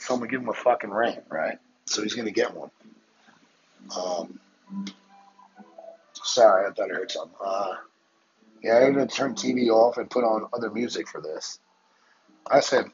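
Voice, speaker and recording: A man hosting a podcast, delivering a heated, profane solo rant with rapid-fire rhetorical questions. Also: mid-range voice. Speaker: podcast host. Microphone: phone. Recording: muffled lo-fi audio with crowd noise behind.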